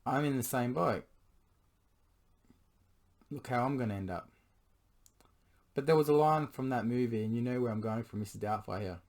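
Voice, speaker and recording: A hoarse man who is losing his voice speaks in an earnest, pleading monologue aimed at his partner. He keeps stopping to clear his throat. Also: mid-range voice, normal speed, pauses often, a little mellow. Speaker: vlogger addressing his partner. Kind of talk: confessional monologue to camera.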